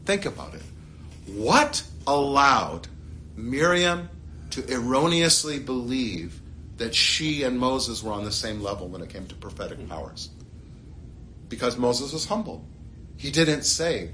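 A man teaching a Torah class, his voice swooping up and down with animation. His tone is bright and forceful, and he keeps throwing rhetorical questions and playful asides at his listeners. A faint hum of room ambience sits behind him. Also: mid-range voice, big pitch swings, unhurried.

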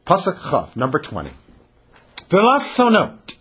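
Animated, husky-voiced male scripture teacher. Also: fairly high pitch, normal speed. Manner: animated, acts out the characters' lines. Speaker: Torah teacher. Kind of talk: verse-by-verse scripture class.

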